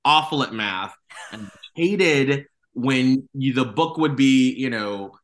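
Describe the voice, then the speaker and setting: A chatty man telling self-deprecating stories in a casual interview. His voice is bright and forward, and he stays animated and playful. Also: mid-range voice, slow. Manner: animated, self-mocking storyteller. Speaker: radio host guest.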